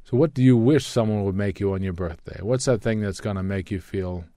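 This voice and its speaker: A man's voice: on the low side, fairly quick, dark tone, no room sound. Dry-humored man hosting a food show. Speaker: radio show host. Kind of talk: casual food chat.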